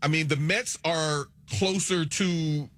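Sports talk dude, bright voice, kinda rambly, trips over words. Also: male voice, a little high, steady tone, slow pace. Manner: rambling, stammers and restarts.

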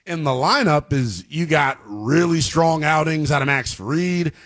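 A man's voice: on the high side, a little slow, a bit bright. A man hosting a sports radio show, giving emphatic, fired-up commentary and talking straight to his listeners.

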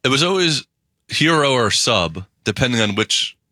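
A man chatting casually on a radio show, enthusiastic and animated. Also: medium pitch, normal speed, no room sound, clean studio sound. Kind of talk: casual chat.

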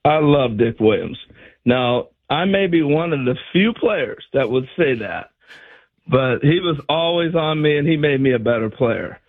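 An older man and former ballplayer telling animated stories on a sports radio show, acting out what others said. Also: mid-range voice, measured pace, narrow, tinny audio. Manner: animated storyteller acting out quotes. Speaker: former player turned radio analyst.

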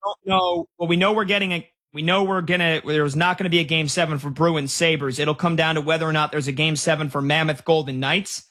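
Guy on a sports podcast hyping up a overtime winner, high bright voice, really pumped. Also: a little fast, few pauses. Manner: excited, emphatic score updates. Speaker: sports show co-host. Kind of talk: live sports talk, calling scores.

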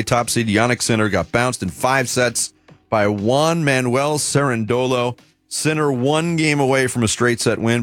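A man's voice: mid-range voice, fairly bright tone. Man hosting morning sports radio. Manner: brisk headline reading, joking with co-hosts.

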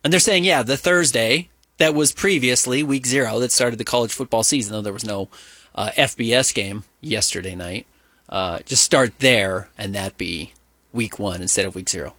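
A man's voice: medium pitch, normal speed, bright, forceful tone, no echo. A man co-hosting a casual sports talk show, rambling and wry.

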